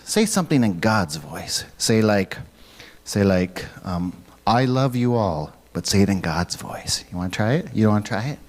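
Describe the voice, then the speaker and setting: A man leading a church children's message, gently asking the kids questions and waiting for their answers. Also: on the low side, lively intonation, moderate pace. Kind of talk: children's sermon.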